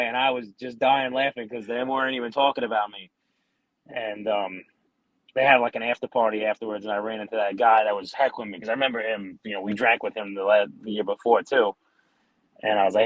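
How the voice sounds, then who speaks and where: A man's voice: medium pitch, steady tone, fairly quick, fairly bright tone, no room sound, low-quality recording. A man in his twenties from New York, a podcast guest telling hockey stories in a rambling, laid-back way with lots of fillers. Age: 20s. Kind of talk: casual interview chat.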